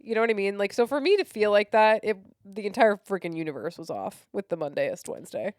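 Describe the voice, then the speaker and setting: Young woman with a lively, varied voice. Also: mid-range voice, quick pace, no room sound, clean studio sound. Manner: laughs easily, chatty reactions. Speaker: podcast co-host. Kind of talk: casual chat.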